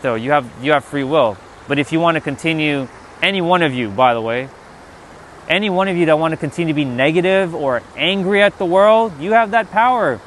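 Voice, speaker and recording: A man's voice: a little high, slight background noise. A man giving an emphatic, profane spiritual pep talk on a live stream, answering chat outdoors by the water. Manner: emphatic and profane, repeats "right?".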